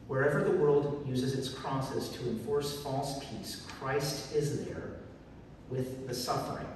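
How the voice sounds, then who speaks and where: A man's voice: mid-range voice, a little mellow, slight background noise. Man preaching in an echoey church. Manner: earnest, emphatic preaching with dramatic pauses. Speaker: pastor. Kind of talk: sermon. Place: church sanctuary. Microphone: phone recording from the pews. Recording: echoey church hall from far off.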